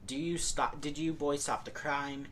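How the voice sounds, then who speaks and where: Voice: medium pitch, fairly even intonation, unhurried, a bit bright, slight background noise, natural voice. A podcaster voicing a stern old male rat sensei while retelling a movie plot, in an everyday voice. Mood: serious.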